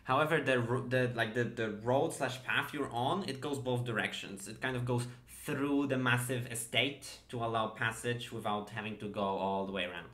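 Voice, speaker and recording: A man narrating as dungeon master of a tabletop game, halting and searching for words. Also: mid-range voice, a bit bright.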